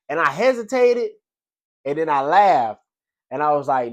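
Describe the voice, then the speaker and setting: A man's voice: a little high, animated, moderate pace. Slangy man telling everyday stories. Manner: loose, slangy storytelling with frequent "you know what I'm saying". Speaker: delivery driver sharing life lessons. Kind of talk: casual motivational monologue.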